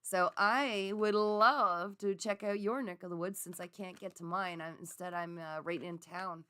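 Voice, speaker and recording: Woman, middle-aged, psychic reader, live stream, animated, chatty, laughs a lot. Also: on the low side, measured pace, clean tone. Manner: animated and chatty, laughs often, reads viewer comments aloud. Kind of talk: live-streamed card reading, chatting with viewers.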